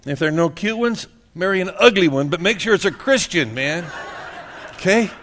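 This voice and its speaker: A man's voice: high-pitched, lively intonation, moderate pace, fairly bright tone, a little hiss or hum. A middle-aged male pastor giving a casual, joking sermon, laughing often and tagging "man" onto his sentences.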